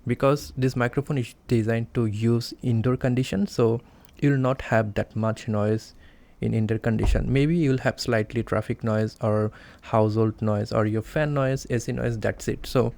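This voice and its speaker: A man's voice: mid-range voice, fairly even intonation, normal speed, creaky, a little mellow. A man explaining a device step by step in a plain, careful way, with small grammar slips, recorded close on a desk mic indoors. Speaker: tech reviewer. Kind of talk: product review demonstration. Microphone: desk condenser mic, close up.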